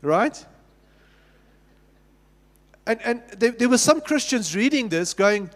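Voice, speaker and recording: Pastor, South African man, high voice, chatty sermon delivery, church hall reverb. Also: lively intonation, slow, long pauses, fairly bright tone. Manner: conversational preaching with repeated restarts and questions to the congregation. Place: church sanctuary.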